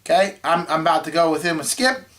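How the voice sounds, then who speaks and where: A man co-hosting a movie review show, telling a rambling story in casual chat and clearing his throat often. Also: fairly high pitch, expressive, fast, fairly bright tone. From Florida.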